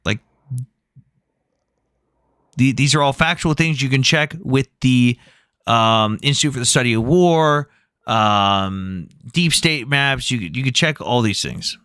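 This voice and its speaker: A man's voice: mid-range voice, lively intonation, slow, pauses often, pushed and bright, smooth, no room sound, clean studio sound. A man hosting a live debate stream, arguing bluntly, citing numbers and swearing freely. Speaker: debate livestream host.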